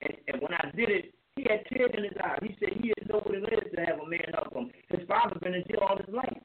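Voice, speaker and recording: A man's voice: high voice, quick pace. A man calling in to a radio talk show, talking in an earnest, rambling way and repeating his phrases. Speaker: caller. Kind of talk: call-in talk radio chat. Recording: tinny phone line, faint noise.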